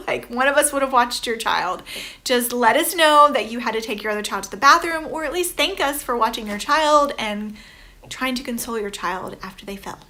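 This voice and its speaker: A woman's voice: a little high, expressive, fairly quick, sharp tone. A woman in her thirties giving a chatty, rambling reaction commentary as a vlogger, full of "you know" fillers. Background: background music.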